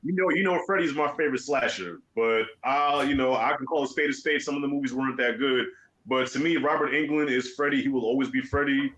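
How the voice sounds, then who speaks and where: A man hosting a casual film talk, with a bright, forceful voice at a middling pitch. He states his opinions bluntly and leans hard on the key words. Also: a little fast, dull audio. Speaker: show host.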